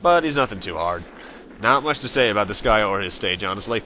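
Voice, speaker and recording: Bright-voiced man casually commentating gameplay. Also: on the low side, expressive, a little fast, faint music behind. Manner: chatty and self-correcting, with frequent fillers. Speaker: let's play host.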